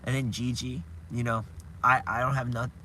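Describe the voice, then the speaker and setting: A man's voice: medium pitch, little pitch movement, moderate pace, sharp tone, a little hiss or hum. A man chatting casually on a live stream, rambling and restarting his sentences, chuckling now and then. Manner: rambling, restarts often, chuckles while retelling scenes.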